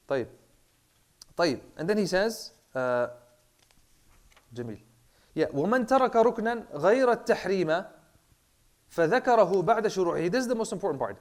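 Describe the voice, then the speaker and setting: Man casually teaching Islamic law. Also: on the high side. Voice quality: clears throat, says he has a bad throat. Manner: relaxed, mixes Arabic terms into English, many fillers and repeats. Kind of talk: casual classroom lecture.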